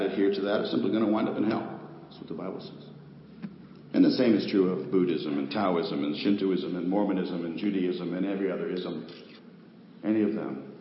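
A male pastor preaching a sermon to a congregation, swinging from loud declarations to quiet pleas. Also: sits low. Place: church sanctuary with a congregation. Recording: echoey hall, dull lo-fi sound with faint noise.

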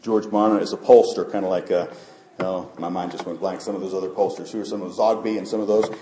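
A man's voice: low-pitched, steady tone, quick pace, noisy background. A man preaching a sermon as pastor, talking earnestly and building up to emphatic peaks. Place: church sanctuary. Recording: echoey church sanctuary.

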